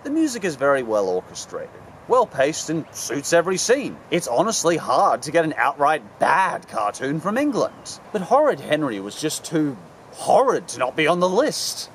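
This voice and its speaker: A man hosting a comedic cartoon review with a sarcastic, animated delivery. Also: fairly high pitch, normal speed, a little hiss or hum. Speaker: host.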